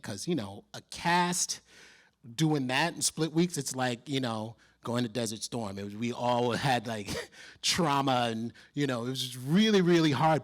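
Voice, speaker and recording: A man telling a story as a guest on a convention panel, lively and acting out other people's voices as he goes. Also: medium pitch. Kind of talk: animated storytelling.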